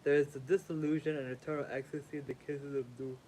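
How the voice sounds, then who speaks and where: A man's voice: on the high side, little pitch movement, quick pace, background noise. A sleepy man reading a sacred text aloud as a livestream host, stumbling over words, rereading them and making casual asides.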